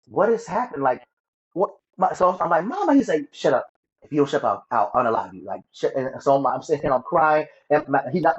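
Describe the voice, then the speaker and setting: Male guest, higher-pitched, stammering storyteller who voices the people he quotes, muffled recording. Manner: halting, repeats words, acts out quoted voices. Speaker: guest sharing his story. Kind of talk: emotional personal storytelling.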